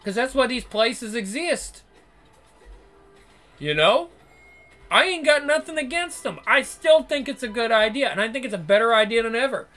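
Swearing constantly, the vlogger delivers an exasperated, repetitive, profane monologue to his audience. He sounds very high-pitched, animated, and fairly quick, with a bright, forceful tone and soft music underneath.

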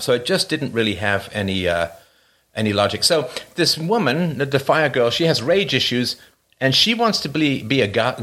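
Animated man in a casual film chat. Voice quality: lively pitch, jokey and sarcastic about film logic. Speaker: film discussion co-host.

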